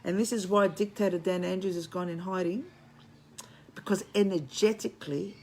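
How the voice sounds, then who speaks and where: A lowish, steady, slightly mellow voice comes through a phone with a little background noise, moving at a moderate pace. She is an Australian-based spiritual commentator with Greek roots, delivering a blunt, preachy home livestream. Swearing freely, she calls her viewers friends.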